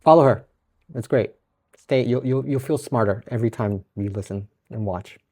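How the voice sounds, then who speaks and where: A podcast host with a warm, medium-pitched voice delivers a casual solo monologue at normal speed. He rambles loosely, restarting often, laughing and swearing casually.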